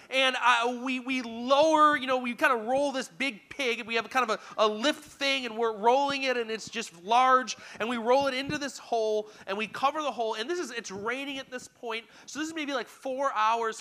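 Bright-voiced young man telling stories. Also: extremely high pitch. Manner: animated, self-deprecating storytelling that speaks straight to the listeners. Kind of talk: storytelling sermon.

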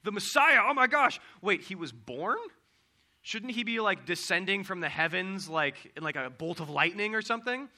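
A man voicing a group of panicky, excitable teenage boy shepherds in a loud, goofy, exclamatory way. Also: high voice, brisk, hardly any pauses. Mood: excited, confused.

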